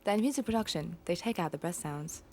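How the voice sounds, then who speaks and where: A woman's voice: on the low side, animated, brisk, a little mellow, a little hiss or hum. A young woman hosting a podcast in casual chat, giggly and often talking over the others. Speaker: podcast host.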